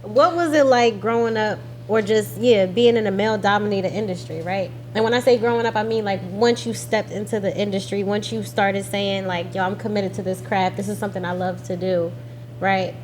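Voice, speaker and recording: A woman's voice: mid-range voice, fairly even intonation, a little fast, slight background noise. A woman hosting a casual interview, asking questions in an upbeat, affirming way. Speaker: interview host.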